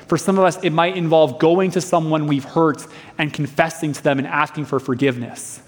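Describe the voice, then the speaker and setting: Young guy pastor preaching, fairly high voice, long echo in a big church hall. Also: fairly even intonation, a little fast. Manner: earnest storytelling preacher. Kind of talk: sermon.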